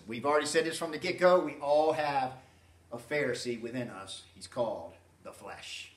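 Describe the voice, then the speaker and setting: Folksy preacher in an echoey church. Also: male voice, fairly high pitch. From Southern United States. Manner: folksy, animated, frequent asides to the congregation. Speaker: pastor. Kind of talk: sermon. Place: church sanctuary. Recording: roomy church sound from a distance.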